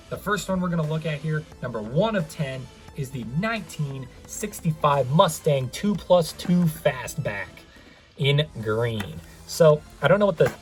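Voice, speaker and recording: A young man rambles his way through a casual toy car unboxing review, often wandering into asides and making fun of himself. He talks in a chatty way at an ordinary middle pitch, with faint music playing underneath.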